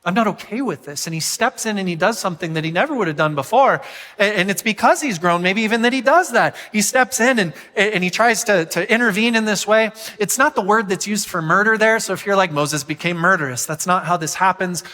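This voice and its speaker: Bright-voiced man preaching in an echoey hall. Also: high-pitched, fairly quick. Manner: animated, asks the crowd questions. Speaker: pastor. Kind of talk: sermon.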